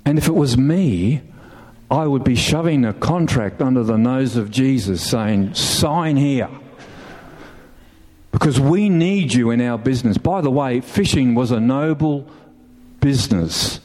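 A middle-aged man preaching a sermon, telling a story with animated emphasis, asking the listeners questions and laughing now and then. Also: mid-range voice, unhurried. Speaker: pastor.

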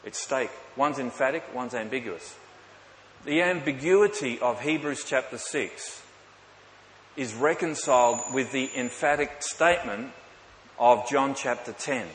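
A man's voice: mid-range voice, unhurried, fairly bright tone. A man preaching a sermon, emphatic, with rhetorical questions to the congregation and light joking asides. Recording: echoey hall with faint hiss.

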